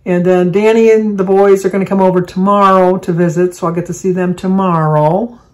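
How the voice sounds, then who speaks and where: A woman's voice: fairly low pitch, fairly even intonation, fairly quick, a little mellow. An older woman, chatting at home to the camera in a rambling, meandering way full of asides. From Michigan. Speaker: vlogger. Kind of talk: casual chat to camera.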